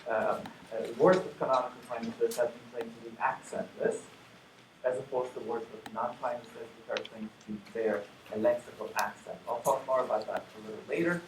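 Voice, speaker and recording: A man giving a conference lecture, talking in a halting way with many fillers and restarts. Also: medium pitch, fairly even intonation. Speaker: conference plenary speaker. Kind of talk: academic lecture. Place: lecture hall. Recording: echoey hall, distant mic, noisy.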